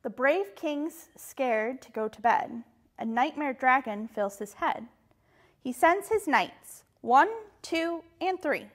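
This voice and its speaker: A woman's voice: sits high, expressive, takes it slowly. Sing-song woman reading rhymes. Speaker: children's librarian. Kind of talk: storytime read-aloud of rhyming book.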